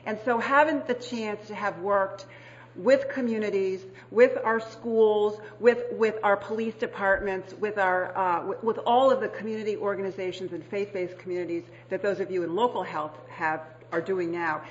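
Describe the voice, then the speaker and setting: A woman's voice: mid-range voice, fairly even intonation, normal speed. A middle-aged woman addresses a conference audience in a chatty, self-deprecating way, with plenty of fillers and restarts. The recording is a bit dull, with faint background noise. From United States. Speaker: state public health official, panel speaker. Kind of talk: conference panel talk. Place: conference hall.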